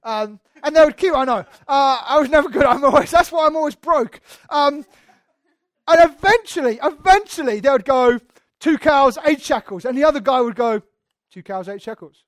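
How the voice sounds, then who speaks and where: A woman's voice: high voice, lively intonation, brisk, no room sound. A woman preaching a conversational sermon, chatty and emphatic, with frequent ums and repeated words.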